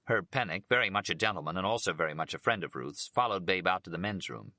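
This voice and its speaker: A man narrating a biography audiobook in a steady, unhurried reading voice. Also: deep voice, dry recording.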